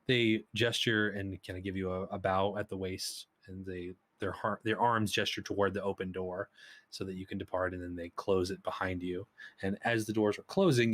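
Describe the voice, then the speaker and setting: Low-voiced man narrating a tabletop game. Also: no echo. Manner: relaxed descriptive narration with fillers. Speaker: game master.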